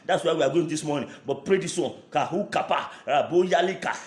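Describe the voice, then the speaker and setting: A pastor leading fervent prayer, his voice pitched a little high. He breaks into tongues between repeated prayer lines. It all rings out in a reverberant room. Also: fast, few pauses. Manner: speaks in tongues between shouted prayer lines, switches to Yoruba.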